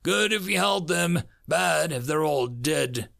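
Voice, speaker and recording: Wounded major, pushy and urgent, gravelly man putting it on. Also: on the high side, expressive, takes it slowly, sharp tone, pitched above the performer's own voice, exaggerated voice. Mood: strained urgent. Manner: strained, urgent orders. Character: wounded male military major, gruff and urgent.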